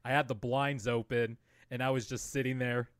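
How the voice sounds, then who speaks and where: A man co-hosting a sports podcast who talks in an excitable, rambling way and swears freely. His voice is mid-pitched and recorded dry and close, with no room sound. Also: moderate pace, smooth, no room sound. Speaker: podcast co-host. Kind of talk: casual sports podcast chat.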